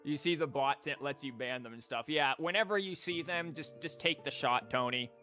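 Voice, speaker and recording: A man's voice: on the high side, moderate pace, pushed and bright. A man in his thirties streaming a game, chatting casually in a rambling, jokey way with lots of fillers. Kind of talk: casual live-stream chat while gaming. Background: game music.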